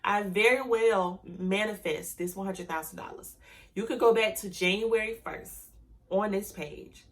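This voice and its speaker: A young adult woman vlogger giving a motivational talk to camera about her hair business, emphatic and direct, slowly repeating affirmations and ending points with "okay?". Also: mid-range voice.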